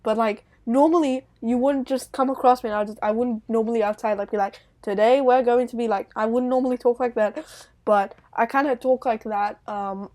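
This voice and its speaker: A woman's voice: on the high side, normal speed, a little mellow. A young woman with a light British accent, co-hosting a podcast in loose, rambling casual chat and laughing easily. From Britain.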